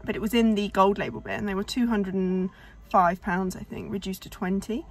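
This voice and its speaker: She's a young woman vlogging, her mid-range voice running a bit fast and a touch out of breath as she chats loosely to camera. The talk begins at home indoors and moves to a parked car later on.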